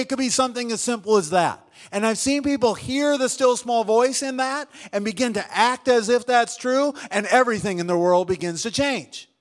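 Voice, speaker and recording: A man preaching a sermon, swinging between loud emphatic lines and hushed ones and calling out to the congregation. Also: sits high. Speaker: pastor.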